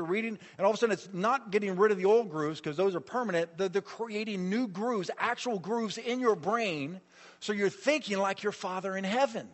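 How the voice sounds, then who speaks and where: Middle-aged male pastor, fairly high voice, emphatic storyteller, recorded in a reverberant hall. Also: a bit bright. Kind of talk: sermon.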